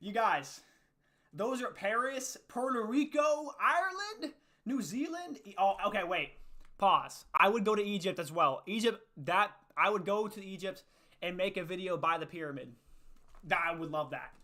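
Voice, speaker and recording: Young guy hosting a chill faith livestream, hypes up the chat, kinda high bright voice. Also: animated, moderate pace. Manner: upbeat, reads chat aloud and answers it. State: out of breath after push-ups. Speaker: livestream host.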